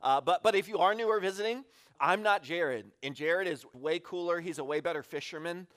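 A man's voice: sits high, fairly quick. A man in his thirties giving a conversational, self-deprecating sermon as a guest pastor in a church, acting out little asides as he talks. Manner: candid, self-deprecating, animated with acted-out asides. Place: church sanctuary.

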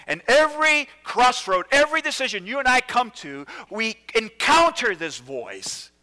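A male pastor preaching a sermon dramatically, swinging between loud emphasis and hushed words. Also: high voice. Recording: reverberant church hall.

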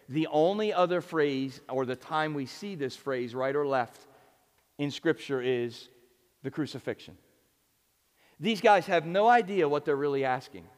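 A man with a high voice preaches a sermon, talking plainly and tossing questions to his listeners. His voice carries through a large hall with a long reverb. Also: unhurried. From United States. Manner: conversational, asks the audience questions. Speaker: pastor.

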